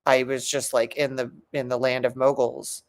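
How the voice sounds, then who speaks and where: Gravelly low-voiced woman giving emphatic advice. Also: level tone, normal speed, darkish tone. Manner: earnest, emphatic, with frequent restarts and fillers. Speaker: psychologist and success coach. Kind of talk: motivational talk to camera.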